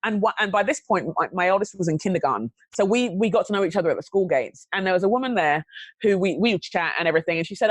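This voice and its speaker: A woman recounts a personal story, her pitch swinging widely as she talks. She restarts her sentences often and keeps an animated, conversational flow. The sound is dry and close, with no room around it. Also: fast talker, breathy edge, dry recording. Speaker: podcast guest.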